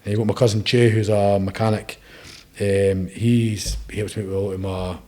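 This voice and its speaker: A man's voice: on the low side, flat delivery, mellow. A young Scottish man chatting as a podcast guest, telling rambling stories and tagging his sentences with "eh?". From Scotland. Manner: rapid, rambling storytelling with frequent "eh?" tags. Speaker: podcast guest, bare knuckle boxer. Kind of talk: casual interview chat.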